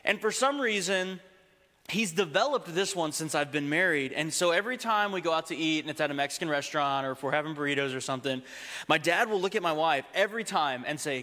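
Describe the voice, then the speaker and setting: A man with a high, bright voice preaching a sermon. He tells stories in a lively way and climbs toward emphatic points. A long reverb hangs in the sanctuary. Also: fairly quick. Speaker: pastor. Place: church sanctuary.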